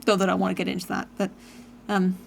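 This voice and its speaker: A woman hosts a casual conversation, her voice carrying a light vocal fry. She talks chattily and hesitantly, scattering fillers and laughing easily. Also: medium pitch, completely flat delivery, quick pace. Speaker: host. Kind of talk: casual chat.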